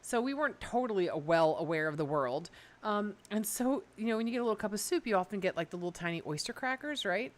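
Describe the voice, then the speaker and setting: A middle-aged woman co-hosts a radio talk show, telling a story in a casual, rambling way. Her pitch swoops and dances as she talks, and she leans on fillers. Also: quick pace. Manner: animated storytelling, many fillers. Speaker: radio co-host. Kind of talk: casual chat.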